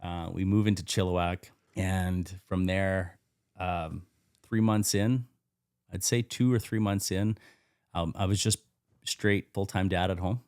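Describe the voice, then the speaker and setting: A man's voice: sits low, fairly even intonation, measured pace, darkish tone, dry recording, studio quality. A man talking as a podcast guest, telling his own story candidly, swearing freely and acting out what he said back then. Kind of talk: casual storytelling interview.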